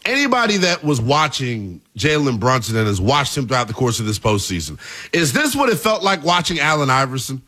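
A man in his twenties hosting a sports talk show, delivering emphatic, hyped commentary that rises into shouts at its peaks. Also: medium pitch, sing-song, a little fast. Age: 20s.

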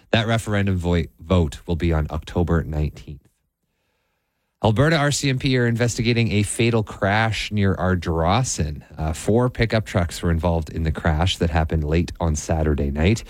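A man from Canada reading morning radio news, steady with some dry humor and frequent fillers. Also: low voice, dry recording. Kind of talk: news reading with casual banter.

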